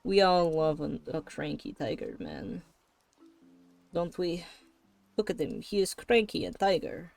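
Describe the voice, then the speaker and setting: A woman's voice: on the low side, very animated, unhurried, gravelly, long pauses, a little mellow. A woman streamer chatting casually and rambling while she draws, swearing now and then. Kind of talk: casual chat while drawing. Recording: faint background music.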